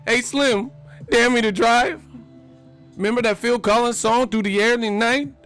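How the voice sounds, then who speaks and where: A man's voice: very high voice, steady tone, normal speed, a bit bright, soft background music, voice pushed up. A man putting on the voice of an obsessed, clingy male fan who pleads in a raised singsong. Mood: clingy pleading.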